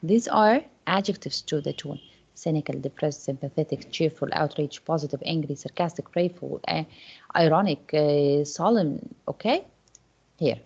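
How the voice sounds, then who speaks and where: A woman's voice: low-pitched, normal speed, creaky, a little mellow, breathy edge, muffled recording. A woman English teacher teaches an online class, repeating questions to her students with many fillers and restarts.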